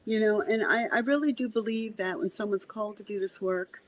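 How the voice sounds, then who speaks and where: A woman medium, a guest on a podcast, telling a story in a casual, animated way, acting out the dialogue and often restarting her sentences. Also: mid-range voice, brisk, rough recording.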